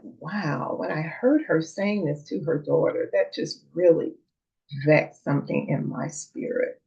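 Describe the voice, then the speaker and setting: A woman hosting a parenting channel, calmly retelling something that happened to her, with the dialogue acted out. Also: deep voice, gravelly. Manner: earnest, calm retelling with quoted dialogue. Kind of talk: storytelling monologue. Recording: dull lo-fi sound.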